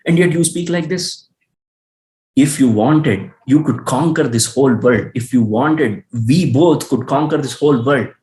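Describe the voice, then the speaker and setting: A man's voice: mid-range voice, lively intonation, unhurried, pauses often, roomy sound, lightly acted. A man voicing a proud, defiant young warrior prince who fires off indignant questions. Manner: indignant, challenging rhetorical questions.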